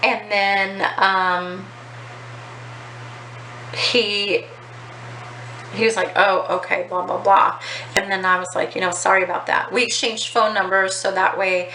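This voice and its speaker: A woman's voice: medium pitch, level tone, measured pace, pauses often, bright, forceful tone. A woman vlogger telling a casual story, chatty and swearing freely, with lots of ums and likes. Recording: echoey with faint outdoor noise.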